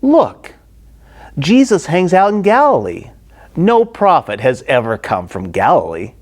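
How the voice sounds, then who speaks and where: A man's voice: on the high side, wildly swooping pitch, a little slow, exaggerated voice. A man acting out mocking, exasperated Pharisee leaders, with a wide-ranging delivery. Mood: scornful. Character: scornful male Pharisees, indignant religious leaders.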